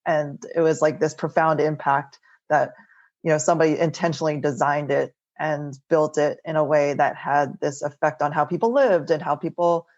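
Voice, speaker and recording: Woman, low voice, middle-aged, casual storytelling, frequent "like", dull lo-fi call audio. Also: steady tone, normal speed, darkish tone. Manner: chatty, many "like" and "right?" tags. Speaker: architect guest. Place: home, remote interview.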